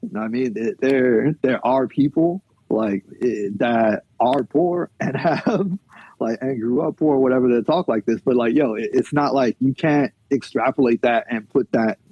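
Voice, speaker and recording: A man talks easily as a podcast guest, his voice husky and mellow, with many laughs and fillers. The recording is dull and lo-fi, with a dry, close sound. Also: mid-range voice, moderate pace, no room sound. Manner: relaxed, laughs often, lots of "like" and "you know". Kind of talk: casual podcast conversation.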